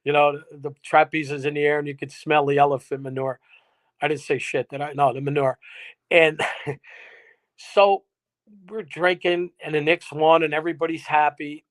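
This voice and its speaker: New guy, guest musician, loose and salty, laughs through his story; voice sits a bit high. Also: fairly even intonation, normal speed. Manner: rambling, chuckling, salty anecdote-teller. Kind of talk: casual interview storytelling. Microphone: remote live-stream guest.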